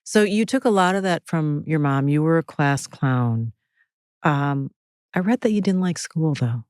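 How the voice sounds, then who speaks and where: A woman's voice: low-pitched, expressive, a little slow, a little mellow, no echo, clean studio sound. A woman hosting an interview, asking probing, curious questions and often backing up her guest with short replies. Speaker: host.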